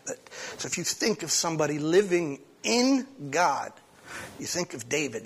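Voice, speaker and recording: A pastor reading a psalm aloud and then preaching a short sermon at a church service, talking conversationally with frequent restarts. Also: male voice, a little high, a little hiss or hum. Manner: conversational, with frequent restarts and sudden swings in loudness.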